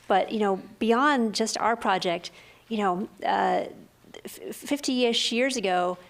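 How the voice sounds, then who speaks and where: A woman scientist speaking at a panel briefing. She talks earnestly and haltingly, with frequent fillers and restarts, at an average pitch. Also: gravelly.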